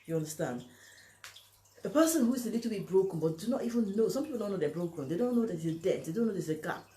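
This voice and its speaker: A woman's voice: mid-range voice, lively intonation, quick pace, dark tone. A woman talking to camera and giving relationship advice, speaking emphatically and acting out the lines other people say. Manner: emphatic, acts out quoted lines, asks "you understand?". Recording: echoey room.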